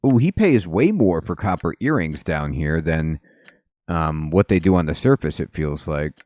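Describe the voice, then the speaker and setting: A man's voice: deep voice, expressive, normal speed, darkish tone, no room sound. A man giving casual, offhand commentary while playing a game, with many ums. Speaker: let's play host.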